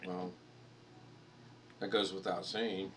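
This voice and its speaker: A man's voice: low-pitched, flat delivery, slow, slight background noise. An American man hosting a casual live stream chat, rambling and joking and laughing at his own stories. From United States.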